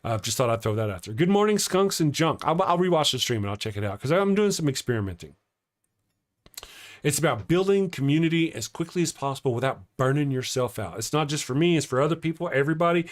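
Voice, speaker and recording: A middle-aged man hosting a casual morning livestream, rambling and chatty as he reads viewer comments aloud. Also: medium pitch. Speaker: morning show livestream host.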